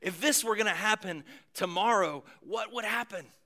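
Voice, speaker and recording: A man preaching a sermon, moving between booming emphasis and hushed near-whispers, with casual conversational asides. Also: moderate pace. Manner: conversational asides with light humor. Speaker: pastor.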